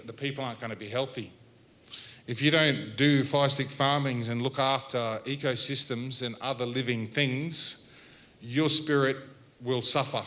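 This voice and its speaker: An Australian man giving a Welcome to Country at a health symposium, talking in a relaxed, chatty way with jokes and laughs between points. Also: medium pitch. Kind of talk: relaxed public address with storytelling.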